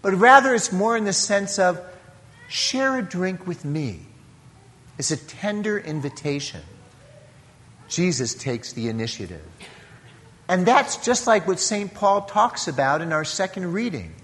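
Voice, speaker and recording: A man's voice: sits high, big pitch swings, normal speed, a bit bright, big-room sound. A man preaching a sermon as a priest, earnest and teaching, acting out the dialogue of a scripture story.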